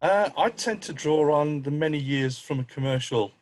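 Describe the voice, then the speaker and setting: A man on a game-mastering panel speaking in a halting way with many restarts. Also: on the high side, background noise. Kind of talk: panel discussion chat.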